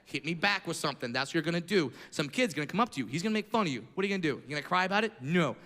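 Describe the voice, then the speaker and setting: A man's voice: on the high side, expressive, very fast, pushed and bright, long reverb tail, pitched below the performer's own voice. A comedian acting out his tough-love dad, blunt and commanding, in a stand-up comedy set. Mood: stern.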